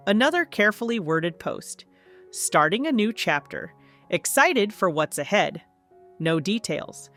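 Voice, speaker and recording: A woman's voice: fairly low pitch, a bit bright. A woman narrating a first-person story in a scripted, wry storytelling manner. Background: faint background music.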